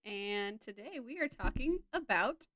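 Woman podcast co-host, unhurried, giggly and rambling, dry close mic. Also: mid-range voice, lively intonation, fairly bright tone, no echo. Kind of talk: casual chat.

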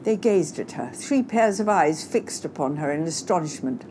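A woman narrating a novel in a composed, expressive reading. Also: sits low, normal speed, few pauses, a little hiss or hum. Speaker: audiobook narrator. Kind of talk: scripted narration.

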